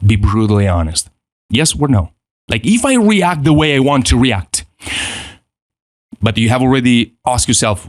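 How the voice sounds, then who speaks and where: A man teaching a self-help lesson in an animated way, acting out quoted inner voices and often repeating himself. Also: medium pitch, normal speed, no echo, studio quality. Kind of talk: motivational teaching.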